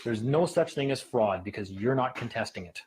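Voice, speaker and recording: A man speaking at a meeting, telling stories in a fast, animated way and acting out what others said. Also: medium pitch, low-quality recording. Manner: fast, animated, acts out quotes. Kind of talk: casual storytelling talk.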